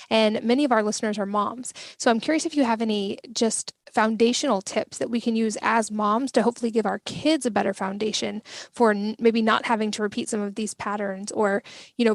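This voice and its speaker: A woman's voice: fairly high pitch, creaky, no echo. A woman podcast host eagerly asking interview questions.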